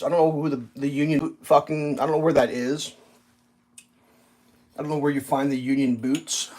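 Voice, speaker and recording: This channel host, a man with a fairly high-pitched voice, rants casually at a breakfast table while rambling, cursing frequently, and relying on fillers. There is slight background noise.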